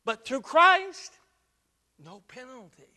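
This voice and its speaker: Male preacher, high, very bright tone, emphatic sermon delivery. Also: expressive, takes it slowly. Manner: emphatic, rising to loud stresses, repeats words.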